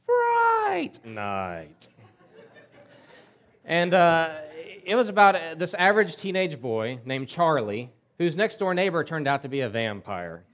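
A man's voice: a little high, expressive, normal speed, few pauses, a bit bright. A male pastor delivering a sermon in a conversational storytelling way, often restarting his words.

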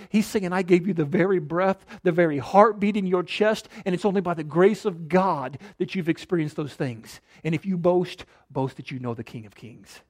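A male pastor preaching a sermon with rhetorical questions, rising to emphatic lines and dropping to a hush. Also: high voice. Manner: dynamic preaching, rhetorical questions, drops to near-whisper for emphasis.

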